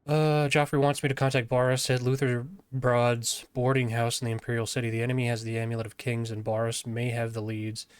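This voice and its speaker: A man's voice: mid-range voice, monotone, a little fast, few pauses, clean tone. A man streaming a fantasy video game, chatting casually and laughing easily as he plays. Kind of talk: casual gameplay commentary.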